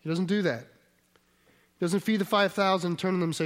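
High-voiced man preaching a sermon. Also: fairly even intonation, a little fast. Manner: conversational, asks the audience rhetorical questions; restarts and self-corrections mid-sentence.

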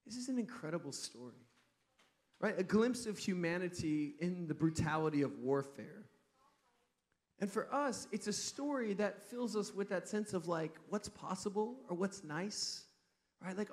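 Male preacher, slightly high pitch, conversational storyteller for a holiday sermon. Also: lively intonation, normal speed. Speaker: pastor. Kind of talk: Christmas Eve sermon.

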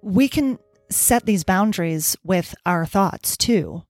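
A woman's voice: mid-range voice, animated, takes it slowly, darkish tone, no room sound, soft background music. Chatty woman coach, dry close voice. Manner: chatty, playful, acts out inner voices. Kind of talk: casual podcast talk.

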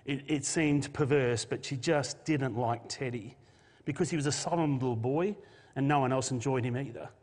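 A man's voice: medium pitch, moderate pace, a little mellow. Guy preaching, heartfelt, kinda choked up, long echo in the room. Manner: earnest, emotional, with restarts and shifting emphasis. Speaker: pastor. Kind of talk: Christmas sermon with a read story. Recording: long hall reverb.

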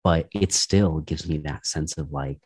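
Very deep-voiced man, rambling chat. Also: unhurried, dry recording. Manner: relaxed, rambling, many "like" fillers. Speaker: podcast guest. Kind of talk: casual conversation.

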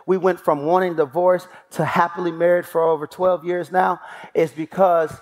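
A man's voice: high voice, little pitch movement, normal speed. A man giving a sermon as a guest speaker, telling stories with animation and acting out the voices of people he quotes, in an emphatic preaching cadence. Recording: long church hall reverb.

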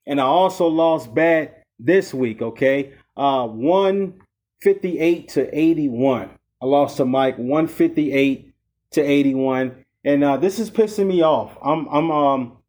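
A man's voice: on the high side, a little mellow. A man hosting his own fantasy sports talk show, speaking casually and venting about losses, with many fillers and "okay?" checks. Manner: frustrated, repetitive "okay?" and "you know" fillers. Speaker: podcast host.

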